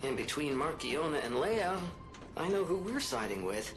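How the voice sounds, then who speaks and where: Animated game companion. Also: female voice, sits low, normal speed. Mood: awed. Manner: animated, emphatic storytelling. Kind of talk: video game voice acting. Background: game music.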